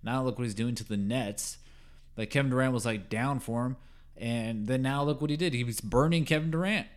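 Opinionated man ranting on a podcast. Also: a little fast. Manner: opinionated, rambling with fillers and restarts; gets louder and higher when heated. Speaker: podcast host. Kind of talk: solo sports podcast monologue.

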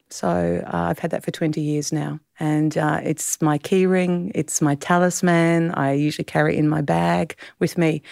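A middle-aged Australian woman, an author being interviewed, speaking in a heartfelt, halting way with many restarts. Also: low-pitched, vocal fry, a little mellow, no echo, studio quality. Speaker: author guest. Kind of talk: reflective interview conversation.

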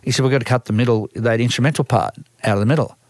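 In a clean, echo-free studio recording, an older Australian man who manages a band races through rambling tales of his career. His medium-pitched voice fills the casual interview with restarts and acted-out dialogue.

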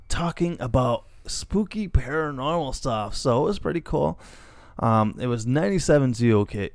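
A middle-aged man from Illinois, USA, co-hosts a casual podcast, rambling and frequently restarting his sentences. His voice is medium-pitched, and the recording sounds dry.

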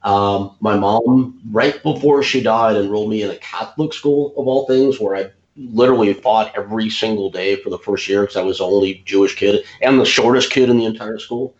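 A man hosting an interview, speaking in a casual, halting way with frequent stammers and restarts. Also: lowish voice, dull audio. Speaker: interviewer, podcast host.

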